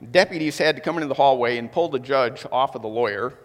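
A man preaching a sermon in a casual, conversational way, with lively asides and quick impressions of people. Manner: animated, conversational, mimics moviegoers in higher voice. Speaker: pastor. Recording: long hall reverb.

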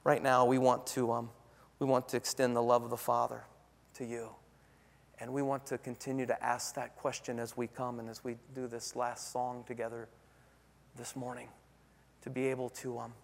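A man's voice: mid-range voice, flat delivery, moderate pace, vocal fry, long reverb tail. A middle-aged man preaching a sermon as pastor, telling a personal story with many restarts and asides. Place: church sanctuary.

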